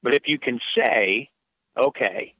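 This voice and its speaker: A man's voice: medium pitch, normal speed, no room sound. A man who works as a sports play-by-play announcer, answering interview questions in a reflective way, often restarting his sentences. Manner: reflective, many restarts, animated emphasis. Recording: dry, phone-like narrow sound.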